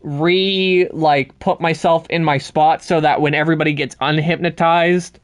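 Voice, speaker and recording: A casual podcast co-host at a middle pitch. The speech is hesitant and full of fillers, with a relaxed habit of swearing. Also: normal speed, clear, resonant tone. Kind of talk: casual chat.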